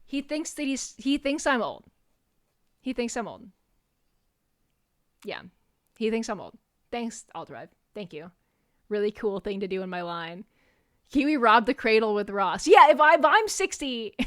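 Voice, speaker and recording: Animated young woman streamer telling a story. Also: fairly high pitch, no echo, studio quality. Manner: animated, swears freely, acts out quotes. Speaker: VTuber streamer. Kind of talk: casual storytelling to stream chat.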